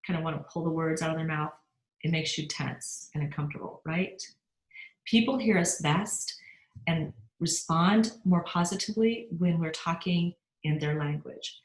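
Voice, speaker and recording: A woman's voice: low voice, normal speed. A middle-aged woman giving an upbeat motivational sales training talk and often asking her listeners questions. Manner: upbeat, asks the audience questions. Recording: roomy echo.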